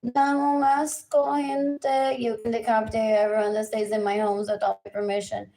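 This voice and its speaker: Her voice sits on the high side, mellow and moderately paced, with little movement in pitch. She's a livestreamer ranting agitatedly and off the cuff, repeating chanted lists and jumping between English and Spanish mid-sentence.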